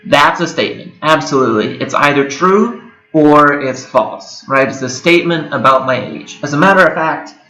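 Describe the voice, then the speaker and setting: A young man in his twenties talks through a recorded lecture in a loose, conversational way, dropping fillers and fixing his own slips as he goes. His voice comes across bright and forward. The room behind him is echoey, with a steady whir. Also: a little high, moderate pace. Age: 20s. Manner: conversational, with frequent fillers and self-corrections. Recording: echoey room with a whirring hum.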